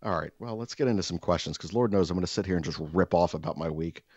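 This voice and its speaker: A man co-hosting a podcast, telling stories in a casual, profane, exaggerated ranting way with loud bursts. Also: low-pitched, quick pace, breathy edge, dry recording, muffled recording. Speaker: podcast co-host. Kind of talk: casual storytelling chat.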